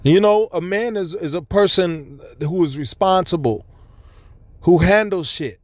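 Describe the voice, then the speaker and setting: A man's voice: sits high, a little slow, no room sound. A man preaching a blunt, profane, scolding street sermon to his listeners.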